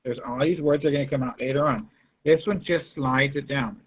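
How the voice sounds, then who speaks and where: A man's voice: mid-range voice, brisk, husky. Man teaching coaxing teacher on tinny call. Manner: coaxing, calls students by name. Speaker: math teacher. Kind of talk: online class lecture. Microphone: video call. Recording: tinny phone-like line.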